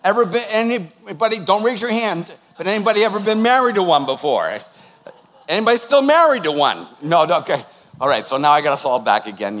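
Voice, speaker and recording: A man in his sixties preaching with a somewhat high voice. He is animated and emphatic as a pastor. He keeps putting questions to the congregation. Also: a little fast, in a large hall. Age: 60s. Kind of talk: sermon.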